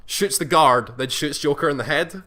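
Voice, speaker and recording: A man's voice: a little high, lively intonation, moderate pace, sharp tone. A man co-hosting a casual podcast chat, rambling through a long story recap with frequent restarts and acted-out quotes. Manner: rambling, self-correcting, acts out quoted lines. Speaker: podcast co-host.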